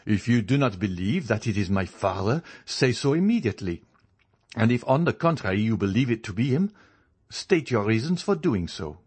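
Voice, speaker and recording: A man's voice: fairly low pitch, animated, normal speed. A man voicing a proud young nobleman in an audiobook, demanding and insistent, his anger held in. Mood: angry. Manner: insistent, demanding, stifled rage. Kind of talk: audiobook character reading.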